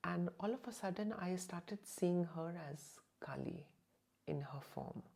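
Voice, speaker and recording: Woman, low voice with gravelly fry, hesitant storyteller full of fillers, slips into near-whispers. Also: measured pace, darkish tone. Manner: hesitant, many "you know" fillers, drops to near-whisper at intense moments. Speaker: channel host recounting a personal experience. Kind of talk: emotional first-person storytelling.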